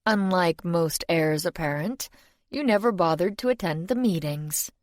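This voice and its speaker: Brief: woman narrator doing an ancient male demon, urbane and world-weary, lower register. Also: animated, unhurried, no echo. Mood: dry. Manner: polite, dry, gently world-weary.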